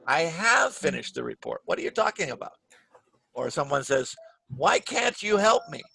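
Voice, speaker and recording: A man teaching an English grammar class over a video call, speaking clearly and patiently and stressing the words he models. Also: fairly high pitch, big pitch swings, moderate pace, bright, forceful tone. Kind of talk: online grammar lesson. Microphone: computer mic on a video call.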